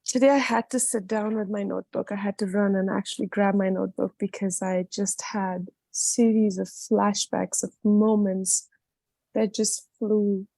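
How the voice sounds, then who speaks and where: A woman's voice: medium pitch, fairly even intonation, normal speed, vocal fry, warm tone, no room sound. A woman sharing an emotional personal story at an online book reading, heartfelt and candid. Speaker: book club participant.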